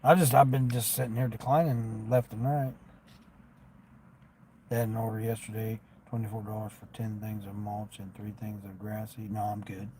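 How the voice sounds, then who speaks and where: A man with a gravelly, creaky voice rambles casually from his car during a live stream, talking through delivery orders. A faint hum of noise sits under his talk. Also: fairly low pitch, little pitch movement, normal speed, mellow. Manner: rambling, folksy, declines orders aloud. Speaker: delivery driver livestreamer. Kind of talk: casual live-stream chat while driving.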